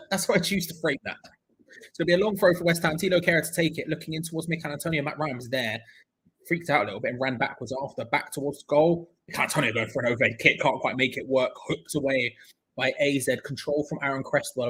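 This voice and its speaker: Husky young football streamer. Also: male voice, medium pitch, brisk, fairly bright tone, low-quality recording. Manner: chatty, jokey, reads viewer comments aloud. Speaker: watch-along host. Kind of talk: live football watch-along commentary and chat.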